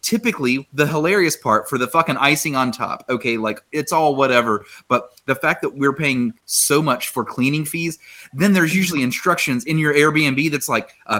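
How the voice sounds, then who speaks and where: Bright-voiced man ranting casually. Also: fairly high pitch, normal speed. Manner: profane, blunt, laid-back. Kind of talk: casual group chat, ranting. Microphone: video call.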